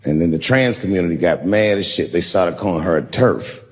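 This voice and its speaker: A man performing a stand-up comedy routine on a live stage, telling stories with big swings in pitch and volume. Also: animated, a little fast, big-room sound.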